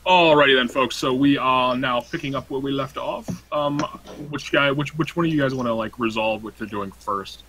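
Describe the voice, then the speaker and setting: Bright-voiced young man running a tabletop game. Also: mid-range voice, normal speed, hardly any pauses, slight background noise, poor audio. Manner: laid-back, profane banter. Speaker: game master. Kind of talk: casual tabletop game narration.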